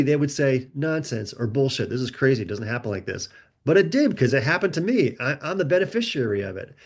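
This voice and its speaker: A man, a guest author, telling a personal story in a relaxed conversational way, acting out the people he quotes. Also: a little high. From United States. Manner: animated, acts out quoted voices.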